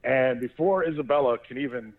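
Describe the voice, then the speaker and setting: A man co-hosting a talk show, telling a family story in an animated way and laughing as he goes. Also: medium pitch, brisk. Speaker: co-host of a sports talk show. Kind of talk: casual storytelling chat. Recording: tinny phone line.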